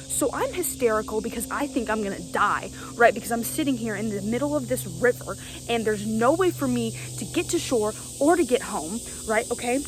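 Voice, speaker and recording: A young woman with a slightly high voice tells a story straight to camera. She talks casually and stays animated, often tossing in "right?". There is a faint hiss in the background. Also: brisk, hardly any pauses. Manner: animated, keeps asking "right?". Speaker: vlogger.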